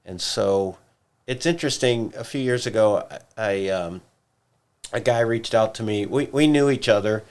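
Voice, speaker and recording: Speaking casually on a church podcast, a gravelly, low-voiced man talks ideas through. He keeps a measured, even pace, stopping now and then to gather himself.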